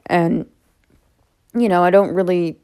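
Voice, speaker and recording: A woman's voice: fairly low pitch, steady tone, slow pace, warm tone, clear, resonant tone. A young woman talking to camera about personal matters, rambling, unscripted and candid, with frequent fillers. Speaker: vlogger.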